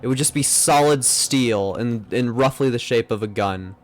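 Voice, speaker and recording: A man's voice: mid-range voice, normal speed, soft background music. A young man streaming a game live, rambling and joking at himself as he plays. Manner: rambling, self-mocking, muttering to himself. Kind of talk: live gameplay commentary.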